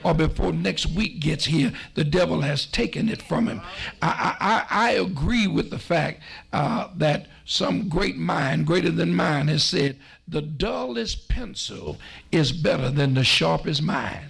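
Slow gravelly man preaching a sermon. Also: fairly high pitch, a bit bright. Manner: slow, emphatic preaching with repetitions and storytelling. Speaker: pastor.

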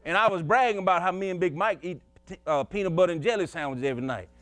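Male preacher, high voice, folksy, chuckling, emphatic storytelling sermon. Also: fast talker, fairly bright tone, dry recording.

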